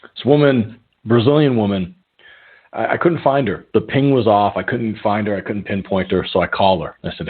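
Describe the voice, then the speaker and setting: Middle aged guy hosting a call-in show from his phone, rambly and swears a lot, lowish voice, sounds tinny. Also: a little slow, slightly rough. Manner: rambling, profane, with chuckles and filler words. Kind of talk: casual storytelling chat.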